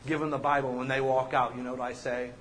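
A man preaching a sermon as pastor, animated and joking, acting out the people he quotes. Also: medium pitch, fast talker, slight background noise.

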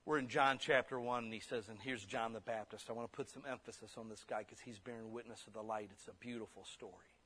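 A man preaching a sermon, blunt and forceful, slipping into quick mimicked excuses. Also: lowish voice, steady tone, breathy edge.

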